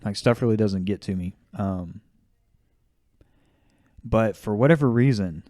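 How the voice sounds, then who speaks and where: A man's voice: fairly low pitch, measured pace, warm tone, no room sound, studio quality. A young man casually telling anecdotes as a podcast co-host, easygoing and chatty. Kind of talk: casual storytelling.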